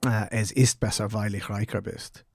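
Male co-host, slightly low voice, halting and jokey; dry close recording. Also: little pitch movement, gravelly, darkish tone, no room sound. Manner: joking, then halting with many ums. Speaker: podcast co-host. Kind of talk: casual explanatory chat.

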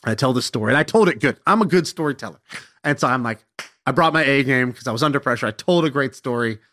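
A young man tells a casual story with animated, self-mocking energy. His voice sits in an ordinary middle pitch, and he swears freely as the anecdote rolls on. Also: fast talker.

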